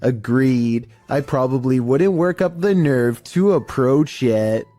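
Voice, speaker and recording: A man narrating a compilation of creepy camera clips in a measured, scripted storytelling manner. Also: medium pitch, lively intonation, warm tone, no echo, soft background music. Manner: measured, mildly spooky storytelling. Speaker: narrator of a paranormal clip compilation.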